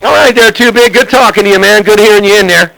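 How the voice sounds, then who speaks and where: A man's voice: high-pitched, quick pace, vocal fry. A man trash-talking over a CB radio, taunting and repeating himself, with a crackly radio sound. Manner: taunting, repetitive, laughing. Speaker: CB radio operator.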